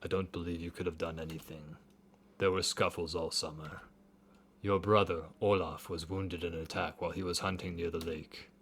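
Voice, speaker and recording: A man voicing a wounded, burly old uncle in a narrative game, reading his lines in a low, subdued, somber way. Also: flat delivery, moderate pace, fairly bright tone, husky, exaggerated voice. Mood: grim. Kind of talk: reading game dialogue aloud.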